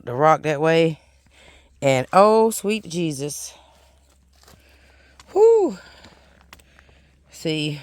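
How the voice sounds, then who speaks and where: A man vlogging on a hiking trail, chatty and exclamatory, calling his viewers honey and y'all. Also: fairly high pitch. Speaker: thru-hiker vlogger. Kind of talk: casual vlog while hiking. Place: outdoors on a forest trail.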